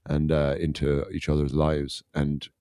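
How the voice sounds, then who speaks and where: Middle-aged Irish co-host, very low and mellow, rambling and halting, dry close mic. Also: male voice, completely flat delivery, clear, resonant tone, no echo. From Ireland. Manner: rambling, halting, lots of fillers and restarts. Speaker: podcast co-host. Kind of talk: casual podcast chat. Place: living in Germany.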